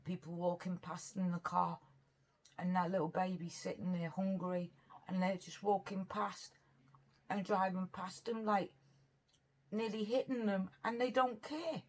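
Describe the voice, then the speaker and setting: A woman's voice: on the low side, fairly even intonation, measured pace, a little mellow. A woman from Britain, chatting in a rambling, earnest way while eating on camera for her vlog. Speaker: mukbang vlogger. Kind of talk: casual eating chat.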